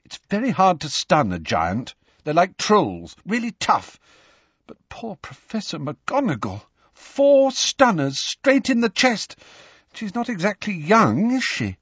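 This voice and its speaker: Man voicing a bright, earnest teen witch girl, raised pitch, storybook reading. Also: huge pitch swings, slow pace, slightly rough, no echo, lo-fi sound, heavily acted. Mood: upset. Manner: earnest, emotional.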